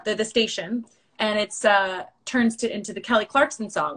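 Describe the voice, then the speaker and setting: A woman's voice: on the high side, fairly even intonation, fairly quick, a bit bright. A woman in her thirties hosting a casual Instagram live chat on her phone, chatty and rambling, laughing often. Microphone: phone livestream.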